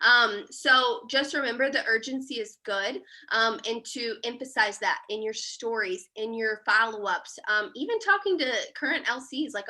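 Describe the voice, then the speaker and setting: Bright, emphatic woman coaching on a call. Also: moderate pace, few pauses. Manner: emphatic, coaxing, acts out sales pitches. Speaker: team leader on a sales call. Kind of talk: casual live video-call training. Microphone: video call.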